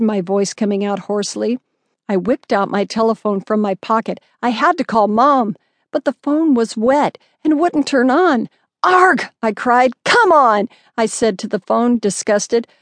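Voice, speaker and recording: A woman narrating a children's audiobook in the first person, voicing the cries of the young narrator with louder, higher lines. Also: dry recording.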